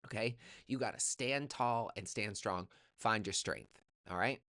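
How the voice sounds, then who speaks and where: A man's voice: lowish voice, a little slow, bright, forceful tone, no room sound, clean studio sound. Sassy, profane man reading tarot. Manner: sassy and profane, calls the listener honey; emphatic, motivational pep talk. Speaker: tarot reader. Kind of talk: casual spoken tarot reading.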